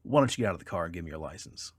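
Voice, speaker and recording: A man quoting a curt highway patrolman. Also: lively intonation, racing, breathy edge, no echo. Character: stern male highway patrolman. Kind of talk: quoted in an anecdote.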